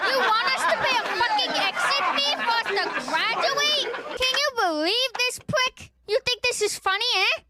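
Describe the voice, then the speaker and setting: A woman voicing a foul-mouthed mob boss in a comedic redub of a mafia scene, talking in a profane, shouting, mocking way. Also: very high-pitched, normal speed, few pauses, a loud crowd, very noisy. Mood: ranting.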